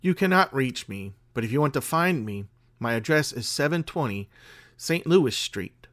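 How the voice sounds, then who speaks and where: A man reading the lines of a mysterious, calm woman fortune-teller who speaks cryptically and flatly. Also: medium pitch, normal speed, natural voice. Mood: cryptic. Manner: cryptic, flat, final. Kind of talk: read-aloud story dialogue.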